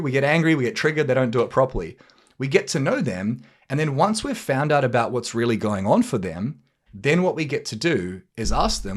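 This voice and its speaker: A man's voice: medium pitch, lively intonation, brisk. A man hosting a podcast, giving a blunt, casual motivational talk on business and leadership, swearing freely and acting out little bits of dialogue. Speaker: podcast host and business coach. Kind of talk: motivational monologue.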